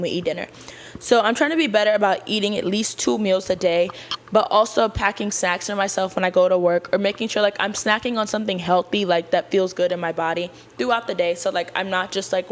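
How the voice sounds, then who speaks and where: A woman's voice: on the low side, fairly even intonation, fast talker. Chatty woman podcaster. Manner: chatty, slangy, talks straight to listeners. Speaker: podcast host. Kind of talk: casual chat.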